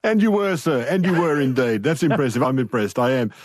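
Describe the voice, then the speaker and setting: A man hosting an interview, asking quick, enthusiastic questions. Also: mid-range voice, animated, no echo, studio quality. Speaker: podcast host, interviewer. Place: studio.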